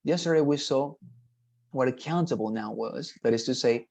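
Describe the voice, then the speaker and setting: A man teaching an online English lesson, repeating words slowly and checking in with "right?". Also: mid-range voice, gravelly, darkish tone, dry recording, rough recording. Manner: patient, repetitive, models pronunciations slowly, frequent "right?" checks.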